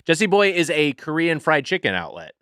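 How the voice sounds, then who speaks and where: A man who is a podcast guest, telling a halting, filler-heavy anecdote in casual chat. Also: on the high side, very animated, fairly bright tone, smooth, no echo, studio quality.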